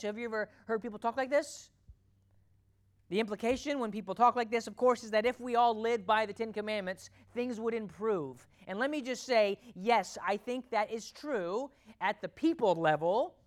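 A pastor preaches to his congregation in a mid-range voice, speaking emphatically and posing rhetorical questions while his delivery swings between loud and quiet.

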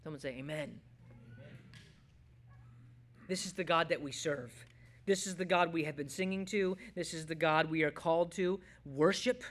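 A man preaching a sermon to his congregation as pastor, swinging between loud emphasis and hushed, quiet lines. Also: on the high side, normal speed, long pauses.

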